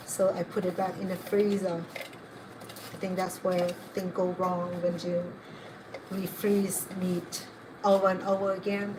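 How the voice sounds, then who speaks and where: A middle-aged woman hosting a cooking vlog, telling rambling, digressive stories as she cooks at home. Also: mid-range voice. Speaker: home cook and channel host. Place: home kitchen. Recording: kitchen with running water noise.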